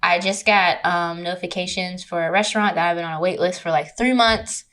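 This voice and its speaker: A woman guest on a podcast tells a story in loose, lively chat. She swears often and slips into mocking impressions of the people in the story. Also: fairly low pitch, fairly quick. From California. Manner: animated, profane, mocking impressions. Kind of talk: casual storytelling. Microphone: remote recording.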